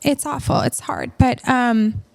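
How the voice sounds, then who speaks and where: A woman's voice: a little high, huge pitch swings, unhurried, gravelly. A woman in her thirties hosting a coaching podcast, speaking earnestly and soothingly straight to her listeners. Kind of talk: heartfelt podcast chat.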